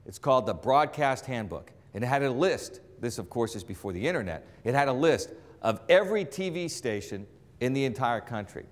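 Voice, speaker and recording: On stage, a Boston-area man in his forties, a sportscaster, tells a motivational career story and acts out the lines of the people in it. His Boston accent has been trained out, and he speaks fairly quickly, staying animated and dropping low for asides. The long reverb of a large hall surrounds his voice.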